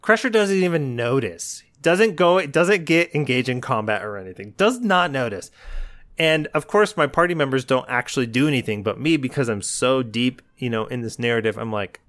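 A man co-hosting a podcast, telling an animated story in casual chat and acting out his own lines. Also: medium pitch, a little fast, dry recording. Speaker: podcast co-host.

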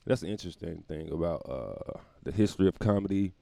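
A man with a low, gravelly, dark voice talks briskly as he hosts his own podcast, meandering through a casual comic monologue and cracking himself up. He's at home near the windows, and there's no echo.

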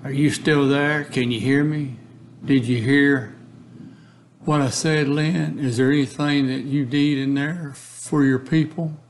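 A man's voice: medium pitch, steady tone, a little slow, natural voice. A man reading the lines of a police negotiator from a case transcript, steadily and repetitively coaxing a man to talk. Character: male police negotiator, patient, persistent, pleading.

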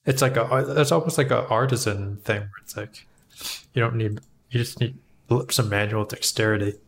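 A man's voice: on the low side, steady tone, normal speed, gravelly. A man co-hosting a casual podcast chat, mostly agreeing with short remarks. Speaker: podcast co-host.

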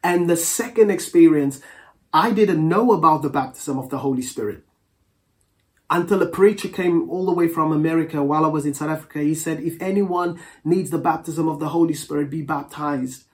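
A preacher delivering a Pentecostal sermon in a mid-pitched voice. They read scripture at a slow, deliberate pace and pray in an earnest, measured cadence, calling on the congregation to answer back. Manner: reads scripture aloud slowly and calls for congregation responses.

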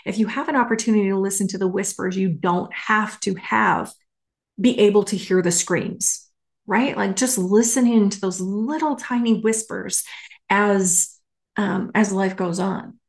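Slow, emphatic woman podcaster. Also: mid-range voice, gravelly. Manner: emphatic and candid, swears casually. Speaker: podcast host. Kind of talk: casual solo podcast monologue.

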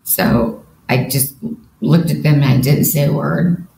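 A woman with a slightly gravelly, fry-tinged voice recounts a personal experience as a podcast guest. She speaks earnestly and vividly, voicing her own thoughts as she goes. The recording sounds roomy and echoey, with a faint hiss of background noise. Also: low voice, a little slow, mellow. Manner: earnest, vivid retelling with quoted inner thoughts. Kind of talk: personal storytelling in a podcast interview.

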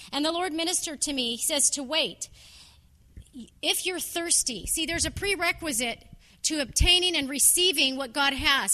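A woman's voice: high-pitched, sharp tone. A woman preaching a sermon in a conversational, earnest storytelling way.

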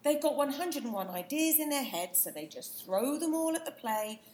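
A woman playing a theatrical, sharp-tongued actress. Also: high-pitched, big pitch swings, normal speed, reverberant, a little hiss or hum. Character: dramatic ambitious actress who wants an epic. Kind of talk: comedic audio play acting.

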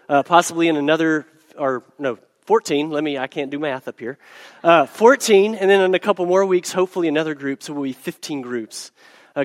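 A man preaching a sermon as pastor, hoarse from a cold, talking conversationally with fillers and restarts. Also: fairly high pitch, long reverb tail. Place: church hall.

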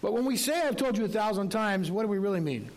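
A man's voice: high-pitched, expressive, fast talker, a little hiss or hum, low-quality recording. A male pastor preaching a sermon in a conversational way, with rhetorical questions and light humor.

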